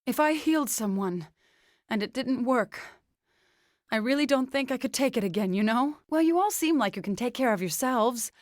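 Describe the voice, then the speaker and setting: A stubborn young farmer woman from a fantasy game, voiced by an actress, guarded and prickly, often breaking off her thoughts. Her voice sits fairly high. It is recorded dry and close, with no room sound. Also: no room sound, natural voice. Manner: hesitant, many "well" pauses, defensive. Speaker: game companion character. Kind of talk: video game voice acting.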